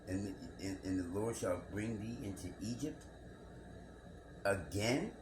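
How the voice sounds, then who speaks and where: A scripture commentator reads a Bible passage aloud and reflects on it in a monologue, posing rhetorical questions and repeating himself. His voice is on the low side and a little slow, with long pauses, recorded in an echoey room with background noise.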